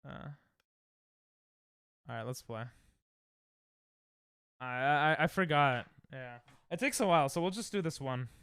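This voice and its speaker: A young male streamer chats casually and reacts out loud as he plays, his slightly high voice smooth and clear. He sounds a little tired, and his pitch swings widely. The sound is dry and close. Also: measured pace, pauses often, no room sound. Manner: excitable, reactive, thinks aloud. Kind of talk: casual live-stream chat while playing games.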